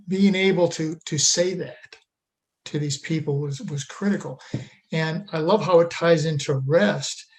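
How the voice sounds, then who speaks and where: A man's voice: on the high side, creaky, low-quality recording. A man hosting an interview show, answering his guest in a casual, affirming way and sharing a story, over a video call. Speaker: host. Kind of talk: interview talk.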